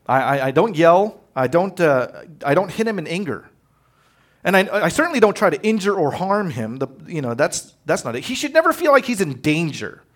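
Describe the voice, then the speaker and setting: A man preaching a sermon as pastor, animated and conversational, acting out quotes as he tells stories. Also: sits high. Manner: animated storytelling, acts out quotes.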